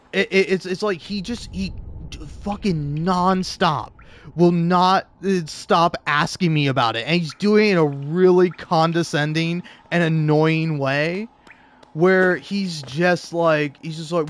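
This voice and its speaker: A man's voice: a little high, slight background noise. Young man rambling through a story. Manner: rambling, stammering restarts, casual swearing. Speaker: gaming video host. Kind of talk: storytelling while playing a game.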